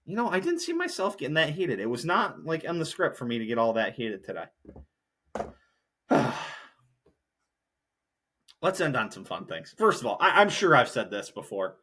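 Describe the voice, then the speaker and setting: A man's voice: a little high, wildly swooping pitch, moderate pace, long pauses, pushed and bright. A young man hosting a solo podcast, ranting in a heated, profane, rambling way. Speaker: podcast host.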